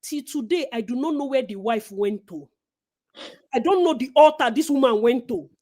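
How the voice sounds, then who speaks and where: A Nigerian woman co-hosting a casual gossip chat, animated and preachy, slipping into Pidgin. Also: high voice, moderate pace. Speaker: co-host.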